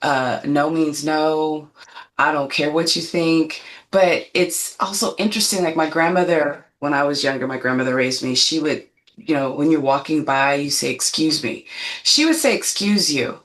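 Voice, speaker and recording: A woman's voice: sits low, steady tone, normal speed. A woman in her fifties, a guest on a panel chat, telling stories in an emphatic, self-assured way. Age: 50s.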